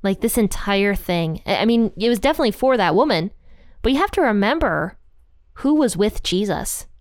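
Smooth-voiced woman, casual Bible teacher, dry close sound, chatty with lots of "like". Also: mid-range voice, lively intonation, moderate pace, dry recording. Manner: chatty, full of "like" and "you know", laughs at the story.

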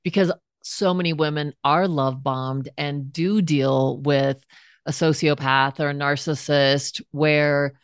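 Low-voiced woman host, earnest and reflective, dry close sound. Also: steady tone, takes it slowly, smooth, no room sound. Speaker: podcast host. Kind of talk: podcast interview.

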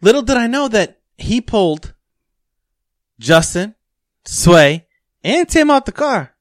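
A man's voice: high voice, sing-song, takes it slowly, no echo, studio quality. A young adult man telling a story in casual, profane podcast talk. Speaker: podcast host.

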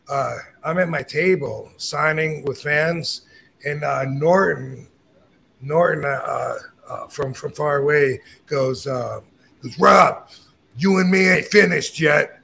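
A man's voice: on the high side, gravelly, a bit bright, breathy edge. A middle-aged man telling a story in casual chat, blunt and profane, acting out the lines he quotes. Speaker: podcast host telling a story.

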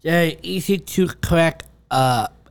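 Slow-speaking young man, smooth voice. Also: on the high side. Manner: short, cheerful replies. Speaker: podcast co-host and son. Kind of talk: casual chat.

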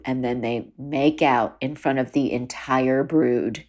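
A woman hosting a podcast, recapping a TV show in casual chat, chatty and quick to laugh, with plenty of fillers. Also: rumbling low, a little mellow. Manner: chatty, full of fillers and laughs, mimics quotes. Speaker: podcast host.

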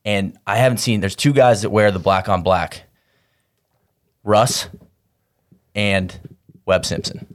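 A man with a fairly low voice co-hosts a podcast in loose, casual chat. He rambles through anecdotes, often restarting his sentences mid-thought. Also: slow, pauses often. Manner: rambling, animated storytelling with frequent restarts. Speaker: podcast co-host.

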